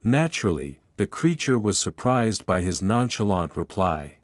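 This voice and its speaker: A man narrating a fan-written story in an even, unhurried read. His voice sits low and is recorded close and dry, with no room sound around it. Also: no echo. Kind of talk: scripted fan-fiction narration.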